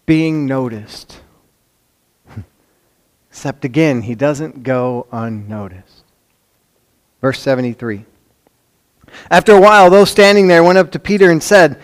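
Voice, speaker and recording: A man with a Chicago accent preaching a sermon, swinging from loud emphasis to hushed lines, with conversational asides and rhetorical questions. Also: on the high side. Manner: dramatic swings between loud emphasis and hushed near-whispers. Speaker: pastor.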